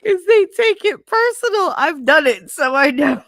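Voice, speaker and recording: A woman's voice: high voice, animated, measured pace, a bit bright, dry recording, clean studio sound. A middle-aged woman hosting a casual chat, telling stories with lots of laughter and playful swearing. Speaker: host.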